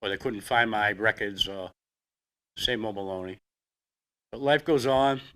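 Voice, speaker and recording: An older man with a Boston accent, a veteran telling his own story in a plainspoken, halting way. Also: on the low side, a bit bright, smooth. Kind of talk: personal storytelling.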